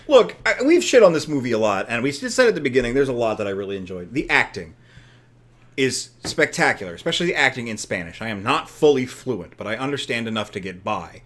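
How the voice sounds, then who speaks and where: A man co-hosting a podcast, chatting casually about a film with laughing asides. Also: mid-range voice. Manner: animated, laughing, quick asides. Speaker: podcast co-host. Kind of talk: casual film review chat.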